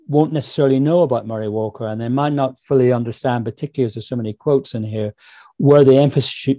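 A man with a Northern Irish accent, a guest author on a podcast, telling stories quickly and animatedly and slipping into voices when he quotes people. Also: mid-range voice, dry recording. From Northern Ireland. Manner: quick, animated storytelling, slips into voices when quoting others. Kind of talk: casual interview chat.

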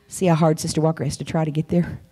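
In a church, a woman serving as guest preacher gives a sermon with a quick pace, flat delivery and mellow voice. She recounts her story dramatically, sinking into whispers and rising to high cries.

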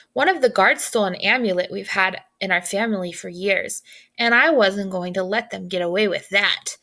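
A gentle young troll boy with a soft, earnest and sorrowful way of talking, as a woman reads him aloud. His voice carries a light gravelly edge. He belongs to a read-aloud storybook. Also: medium pitch. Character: gentle young male troll, polite and sad.

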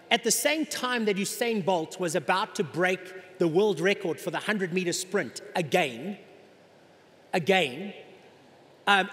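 A middle-aged male pastor preaching a sermon in an animated way, acting out the voices of people in the congregation. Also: high-pitched. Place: large church hall. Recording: long hall reverb.

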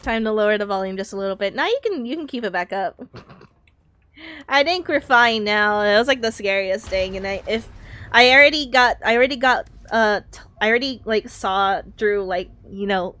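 A woman live-streaming a video game, chatting casually and excitably, swearing and talking to herself. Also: medium pitch, moderate pace.

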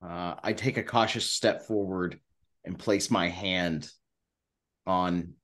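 Male player, lowish voice, halting, feels his way through each line. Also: fairly even intonation, a bit bright. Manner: hesitant, lots of fillers and restarts. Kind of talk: casual play with in-character speech.

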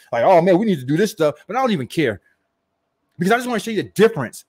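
Firing off rhetorical questions and ridiculing hype, a man who coaches network marketing delivers a forceful, lively pep rant. His voice is high-pitched and slightly rough.

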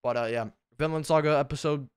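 This young YouTuber sounds tired, speaking fast in a slightly high, fairly even voice with a clean, sharp-free tone and a dry, studio-quality recording made on a desk mic at home. He rambles casually through an unedited vlog, putting himself down and cussing a lot.

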